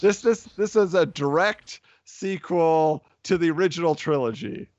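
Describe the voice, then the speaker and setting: A man's voice: on the high side, a little slow, a little mellow, no echo, dull audio. A man co-hosting a podcast, talking casually and rambling a bit with restarts. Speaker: podcast co-host.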